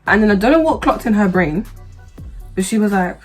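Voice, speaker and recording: Woman vlogger, casual storyteller, mid pitch, slangy and heated, faint music bed. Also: brisk, long pauses. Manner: animated, humorous, slangy, turns heated when reliving anger.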